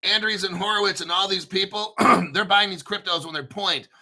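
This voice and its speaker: An American man hosting a crypto channel, reading an article aloud and riffing on it in a rambling, profane, hyped-up way while clearing his throat. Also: high-pitched, normal speed, sharp tone. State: throat clearing, using a cough drop. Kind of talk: casual video commentary reading an article.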